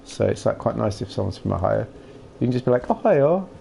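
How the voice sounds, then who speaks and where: A young man chatting casually and playfully with his live chat while streaming a game, rambling and breaking into silly shouts. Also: fairly low pitch, steady tone, fast talker, gravelly, noisy background.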